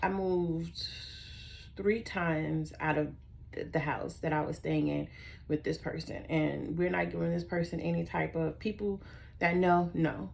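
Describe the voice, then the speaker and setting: Sassy rambling woman with a gravelly voice. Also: fairly low pitch, steady tone, measured pace, a little mellow, slight background noise. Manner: rambling, sassy, easily sidetracked. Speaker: vlogger. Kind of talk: casual storytelling to camera.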